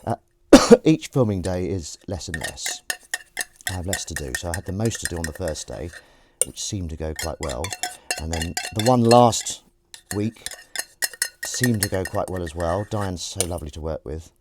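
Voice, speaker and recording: A man's voice: lively intonation, normal speed, background noise. A man hosting a casual live stream, rambling and self-mocking, chatting as he goes. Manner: rambling, self-mocking and chatty, slipping into a high sing-song voice to coax his cat. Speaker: host. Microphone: fixed streaming mic.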